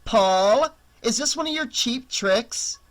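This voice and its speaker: A man's voice: high-pitched, sing-song, normal speed, fairly bright tone, voice pushed up. A man voicing a wisecracking, sarcastic young woman babysitter in an audiobook, with a raised, lighter voice. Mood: nervous calling.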